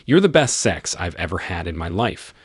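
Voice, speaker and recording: Narrator doing charming grown man, coaxing, husky, dry sound. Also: low-pitched, very animated, moderate pace, dry recording, heavily acted.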